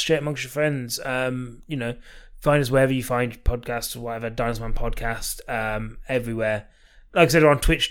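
A man co-hosting a podcast, easygoing and quick to laugh, with a lot of "um"s in casual chat. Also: medium pitch, clean tone. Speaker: podcast co-host. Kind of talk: casual film-review chat.

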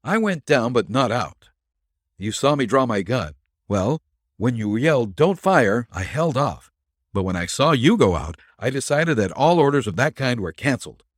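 A man reading a detective story aloud, voicing an excitable young male sidekick who tells his tale eagerly and with emphasis. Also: mid-range voice, moderate pace, no room sound, studio quality, voice pushed up. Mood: excited.

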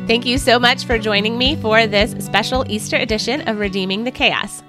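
A woman's voice: fairly high pitch, fairly even intonation, a little fast, music in the background. A woman hosting a devotional podcast, reading a story aloud with earnest expression.

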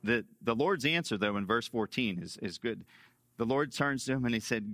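A male pastor preaching a sermon emphatically, repeating key phrases and swinging between loud stresses and hushed lines. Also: mid-range voice, animated, normal speed, dry recording.

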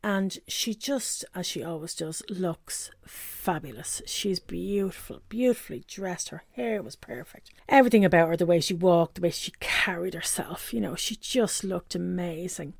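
A woman's voice: fairly low pitch, moderate pace, vocal fry, hardly any pauses, husky, no room sound, studio quality. A middle-aged woman, hosting a podcast and telling a story in a chatty way, laughing often. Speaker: podcast host. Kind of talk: casual storytelling.

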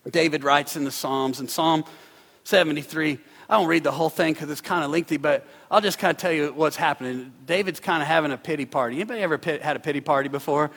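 High, gravelly preaching man in a hall. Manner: preaching with big swells to shouting and drops to hushed tones. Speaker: pastor. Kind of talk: sermon. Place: church hall.

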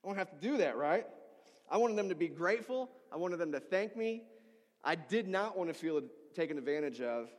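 Animated pastor preaching in a reverberant hall. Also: male voice, sits high, fairly quick. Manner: animated storytelling, acting out voices of people in his story. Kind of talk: sermon.

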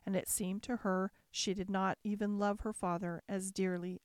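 A woman narrating a classic fairy tale as a calm, measured bedtime story. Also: medium pitch, dry recording, studio quality.

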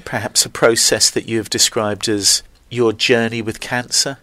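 A man interviewing an older relative with calm, prompting questions. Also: fairly low pitch, measured pace, hardly any pauses, no echo.

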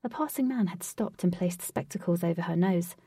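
A woman reading a story chapter aloud in a steady narrating voice. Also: on the low side, a little fast, slightly rough, no echo, studio quality, far from the mic. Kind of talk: audiobook reading.

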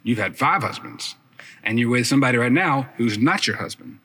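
A man voicing a calm, knowing male teacher who speaks in a slow, hushed, measured way, in a sermon retelling. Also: medium pitch, husky. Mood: solemn.

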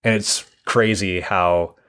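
Reflective man with a low voice. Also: fairly even intonation, takes it slowly, fairly bright tone, clean tone. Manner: reflective, candid, with frequent restarts. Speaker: guest, therapist. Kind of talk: personal story in a podcast interview.

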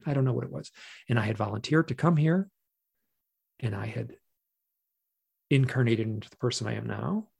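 A man, a podcast guest and author, telling a personal story in a casual, animated way, often restarting his sentences. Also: mid-range voice, moderate pace, gravelly, pauses often, slightly rough. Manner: animated, emotional retelling with many restarts. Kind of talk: conversational storytelling.

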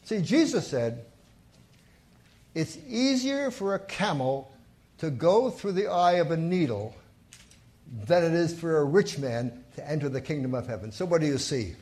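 A man's voice: fairly high pitch, animated, a little slow, darkish tone. A man preaching a sermon in a church, telling stories and stressing key points with rising emphasis. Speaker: pastor.

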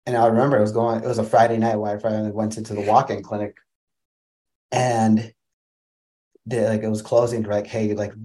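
A man's voice: fairly low pitch, flat delivery, brisk, long pauses, warm tone. A young man from Wisconsin, a podcast guest, tells a personal story in a casual, rambling way, full of restarts. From Wisconsin, USA.

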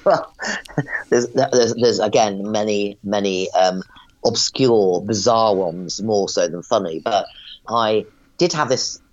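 A woman, a psychic medium, telling animated and rambling stories in an interview, in a dull lo-fi recording. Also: rumbling low, slow pace. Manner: animated, rambling, frequent restarts. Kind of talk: casual storytelling interview.

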